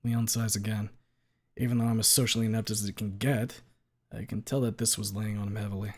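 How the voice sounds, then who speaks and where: A man streaming a visual novel, reading the narration aloud as a low, muttered inner monologue with some swearing. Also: little pitch movement, brisk.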